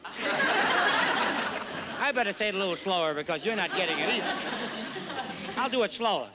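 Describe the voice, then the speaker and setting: Nightclub comic, guy with a highish voice, brisk stories, teasing the crowd, dull old tv sound. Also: big pitch swings, heavy background noise. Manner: brisk storytelling, mock-modest asides to the audience. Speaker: nightclub entertainer. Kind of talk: stand-up comedy routine on stage.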